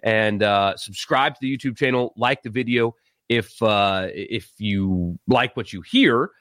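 A man's voice: on the low side, measured pace, a bit bright, no echo, studio quality. A man hosting a casual sports talk livestream, chatty, with frequent fillers and laughing at his own jokes. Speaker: host. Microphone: live-stream mic.

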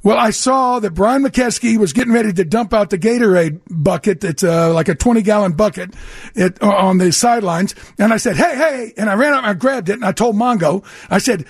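Older male ex-player co-host, husky high voice, dry studio mic, animated storyteller. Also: a little fast, dry recording. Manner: animated storyteller, acts out quoted voices, restarts often. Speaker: radio co-host and former pro football player. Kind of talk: casual sports radio storytelling. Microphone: studio microphone.

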